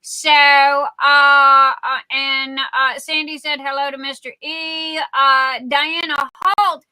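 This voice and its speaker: A woman's voice: sits high, level tone, takes it slowly, sharp tone, dry recording. A woman with a Southern accent hosting a casual livestream, rambling and chatty as she greets viewers by name with endearments like darling and sweetheart. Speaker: livestream host.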